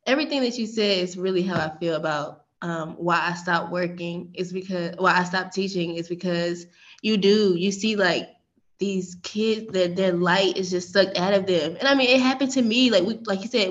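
A woman's voice: fairly low pitch, fairly even intonation, normal speed. Heartfelt woman co-host, slightly muffled. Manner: heartfelt, emotional, many fillers like "like" and "um". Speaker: podcast co-host, former teacher. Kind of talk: casual podcast conversation. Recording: dull, slightly lo-fi sound.

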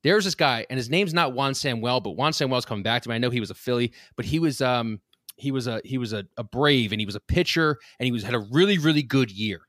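A man's voice: medium pitch, fast, a bit bright, no echo, clean studio sound. Young Philly guy telling rambling stories. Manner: rambling anecdotes with laughs and restarts. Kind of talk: casual storytelling chat.

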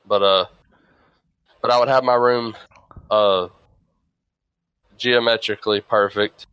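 Bright-voiced, profane man riffing casually. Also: on the low side, takes it slowly, smooth, dry recording, poor audio. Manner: profane, rambling, animated storytelling. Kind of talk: casual chat.

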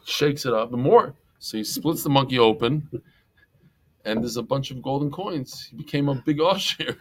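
A man teaching a Talmud class, lively and joking as he tells stories and mixes in Hebrew and Yiddish terms. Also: mid-range voice, normal speed, breathy edge.

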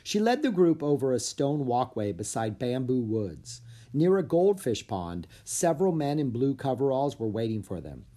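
An expressive reader telling a children's chapter book aloud. The voice rises and falls in lively pitch, with a slightly husky tone. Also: moderate pace. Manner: expressive storytelling. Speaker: audiobook narrator.

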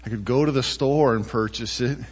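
A man preaching a sermon in a relaxed, conversational way, often tossing in rhetorical questions to the congregation. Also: medium pitch, brisk, breathy edge, long reverb tail, highs cut off. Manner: chatty, asks rhetorical "right?" often. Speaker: pastor.

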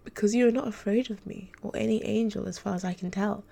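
A woman's voice: mid-range voice, steady tone, fast, creaky, dark tone, voice pushed up. A woman reading the part of a troubled young female angel tutor in a formal, hesitant, restrained way. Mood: earnest.

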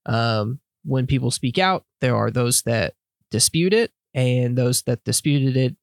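A man's voice: mid-range voice, expressive, unhurried, vocal fry, no echo, clean studio sound. A man co-hosting a podcast, talking with hesitant ums and restarts. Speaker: podcast co-host. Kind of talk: casual chat.

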